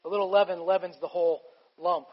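A man's voice: high voice, steady tone, fast talker, in a large hall, dull audio. A man preaching a sermon as a pastor, emphatic and conversational, asking the congregation rhetorical questions.

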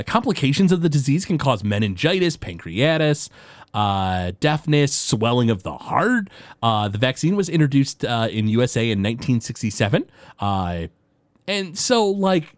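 Man, podcast co-host, halting casual chat, lots of uh, lively pitch, dry close sound. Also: no room sound. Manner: hesitant, many fillers and restarts; acts out quoted characters.

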